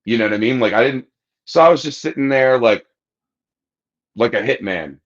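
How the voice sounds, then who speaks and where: A man's voice: mid-range voice, moderate pace, dull audio. A man on a podcast telling a long story in casual chat, swearing freely and acting out what people said. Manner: profane, animated anecdote-telling, acting out quotes. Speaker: podcast host.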